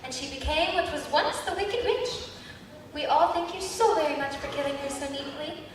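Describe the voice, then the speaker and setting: A woman's voice: sits high, normal speed, slight background noise, close to an everyday voice. A teenage girl playing a kind, cheerful good witch in a school stage play, with a sweet, sing-song delivery. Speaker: student actor. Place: large school auditorium. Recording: echoey hall from far off.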